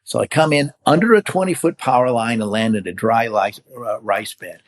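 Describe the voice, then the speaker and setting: An older man in his seventies, a longtime hang glider pilot, talks casually as an interview guest. He spins stories with plenty of energy, slipping into the voices of the people he is describing. His voice sits at an ordinary middle pitch. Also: normal speed. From California. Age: 70s. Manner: animated storyteller who acts out quoted voices.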